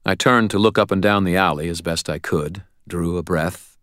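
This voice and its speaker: A man's voice: low voice, moderate pace, a bit bright, no echo. A man reading a first-person audiobook narration in a wry, dry storytelling manner.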